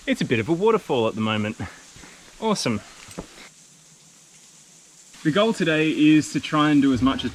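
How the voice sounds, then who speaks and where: A man's voice: medium pitch, poor audio. A man vlogging outdoors at a cliff, casually explaining his climbing setup as he works. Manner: upbeat, talks while working on the rock. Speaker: vlogger climbing and bolting a new route.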